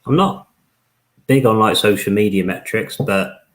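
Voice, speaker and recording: A man sits in on a casual football podcast, giving blunt, plain opinions. His voice is very low. He speaks in a matter-of-fact way. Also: unhurried. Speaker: podcast panelist.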